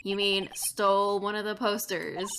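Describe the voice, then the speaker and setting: A woman's voice: medium pitch, fairly even intonation, a little slow, background noise. A woman streamer chatting casually and swearing while she plays and reads a video game aloud. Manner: giggly, cursing, reads game lines aloud. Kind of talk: casual let's-play commentary.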